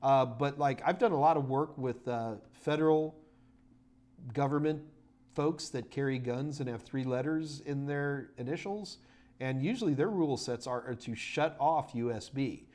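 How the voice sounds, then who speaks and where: This middle-aged man hosts a casual live-stream Q&A, speaking at a moderate pace with a medium-pitched, somewhat dark voice. He rambles and chats, using lots of fillers and breaking into sudden bursts of enthusiasm.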